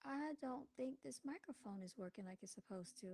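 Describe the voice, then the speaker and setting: A woman's voice: sits high, lively intonation, a little fast, a little mellow, husky, no echo. A woman hosting her own livestream, chatting casually and calling her viewers "y'all" on a desk microphone at home. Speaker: livestream host. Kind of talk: casual live-stream talk.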